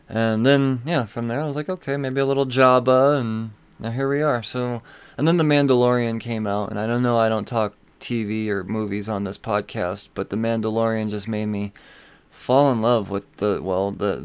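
A man with a lowish, smooth and resonant voice hosts a podcast. He rambles through casual chat, swearing freely and filling pauses with ums and uhs. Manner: rambling and profane, with frequent fillers. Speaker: podcast host. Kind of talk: casual comic book news chat.

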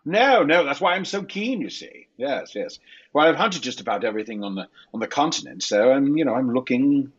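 A man's voice: medium pitch, big pitch swings, brisk, breathy edge, pitched above the performer's own voice. Man playing a chatty English big-game hunter. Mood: genial. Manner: chatty, genteel, full of filler asides. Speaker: player. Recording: slightly dull lo-fi audio.

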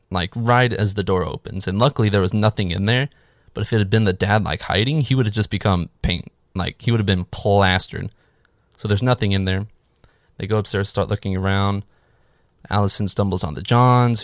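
A man talks through a film's plot in a loose, sarcastic way, swearing freely and padding his sentences with fillers. His voice sits low with a gravelly fry, recorded dry and close. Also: no echo. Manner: sarcastic, profane, rambling with many "like" fillers. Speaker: movie recap host. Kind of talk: casual spoken film recap.

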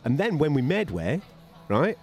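A man's voice: fairly high pitch, faint music behind. A man telling boxing stories on a podcast in a casual way, swearing freely and mimicking the people in them. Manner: animated and fast-talking. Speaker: podcast co-host, boxing radio commentator. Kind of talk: casual storytelling chat.

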